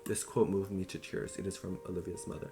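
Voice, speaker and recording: A man's voice: sits low, little pitch movement, fast. A young man giving a casual book summary, chatty and loose, with fillers and self-corrections. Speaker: book reviewer. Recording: clear music playing behind.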